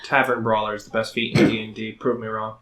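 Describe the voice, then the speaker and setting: Telling game stories in a loose, filler-heavy ramble, this podcast co-host and dungeon master keeps the chat casual. He speaks fast in a fairly low, flat voice, with crowd noise behind him.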